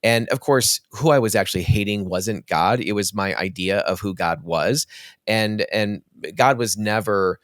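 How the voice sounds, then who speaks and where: A man's voice: fairly low pitch, unhurried, no echo. A man hosting an interview, reflecting thoughtfully and rambling a little before he asks his guest a question. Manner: thoughtful, rambling with restarts and soft affirmations. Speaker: podcast host.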